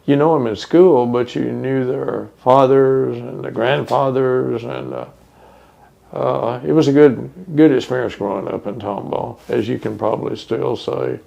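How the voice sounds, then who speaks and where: Gravelly older man reminiscing. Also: mid-range voice, warm tone, muffled recording. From Texas. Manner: reminiscing, unhurried with many fillers. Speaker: interviewee. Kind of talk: oral history interview.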